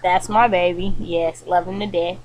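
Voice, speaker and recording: A woman's voice: lowish voice, normal speed, low-quality recording. Chatty young woman vlogging from bed. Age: young adult. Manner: chatty, animated, frequent fillers like um and like. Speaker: college student vlogger. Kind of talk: casual chat to camera. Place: bedroom, indoors.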